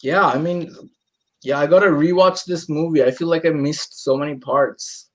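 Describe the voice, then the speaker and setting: A man in a casual movie chat, hesitant and soft-spoken. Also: on the high side, fairly even intonation, moderate pace. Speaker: podcast guest.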